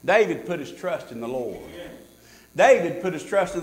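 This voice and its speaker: A man preaching a sermon as pastor, swinging from loud shouts to hushed tones. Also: on the high side, sing-song, moderate pace. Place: church. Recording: echoey church sanctuary.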